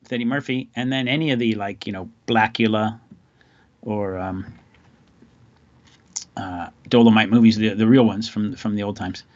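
A man's voice: fairly low pitch, fairly even intonation, moderate pace, pauses often, dry recording, lo-fi sound. A man hosting a podcast, telling stories in a loose, rambling, wry way. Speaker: podcast host. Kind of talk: casual chat.

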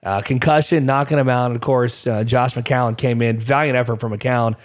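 A man's voice: mid-range voice, steady tone, normal speed. A man co-hosting a casual sports podcast, talking in a chatty way with frequent "uh" fillers. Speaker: podcast co-host.

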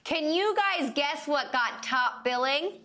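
A woman's voice: sits high, expressive, takes it slowly, bright, forceful tone. A woman co-hosting a pop culture news show, reading stories and trading playful, profane asides in casual chat.

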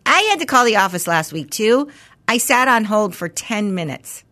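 A woman's voice: medium pitch, expressive, normal speed, bright, forceful tone. A woman co-hosting a casual chat, mostly listening and chiming in with short replies. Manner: brief backchannels, laughs along. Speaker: podcast co-host.

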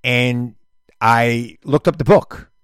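A man's voice: medium pitch, slow pace, clean tone, dry recording, studio quality. A middle-aged man hosting his podcast in a rambling casual chat, often stumbling and restarting. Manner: rambling, self-interrupting, stammers on restarts. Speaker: podcast host.

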